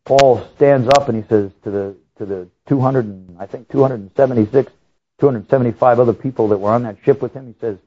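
A man preaching a sermon as pastor. He tells stories with sudden rises in pitch and repeats key phrases for emphasis. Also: a little hiss or hum. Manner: storytelling with lively rises in pitch. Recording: tinny, phone-like sound.

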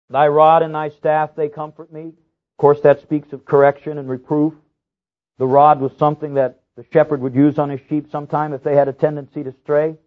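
A male pastor delivers a sermon in an earnest, storytelling way. His pitch sits mid-range for a man and jumps upward when he stresses a point, and he circles back to repeat key phrases. The recording is thin and tinny, like a phone line. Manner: storytelling with lively rises in pitch.

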